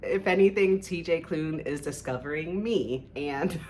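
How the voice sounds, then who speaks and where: A woman's voice: low voice, a little slow, mellow, a little hiss or hum. A woman chatting casually about books she loves, gushing and rambling with lots of filler words. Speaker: book vlogger. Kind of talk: casual book review chat.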